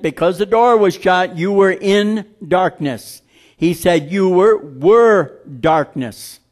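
A man preaching a sermon, blunt and emphatic, slowing down to stress scripture lines. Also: high-pitched.

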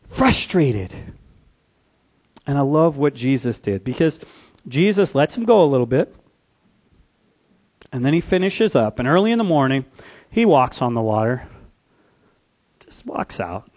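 A man preaching a sermon in a conversational way, asking the congregation questions and briefly acting out the people in the story. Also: mid-range voice. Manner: animated, acts out biblical characters in quick asides. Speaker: pastor.

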